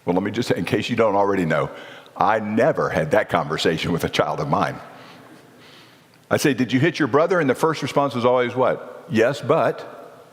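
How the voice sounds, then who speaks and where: A man's voice: lowish voice, lively intonation, fairly quick. A middle-aged man giving a sermon at a marriage seminar in a church, speaking earnestly and conversationally and often asking his listeners questions. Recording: long reverb of a church hall.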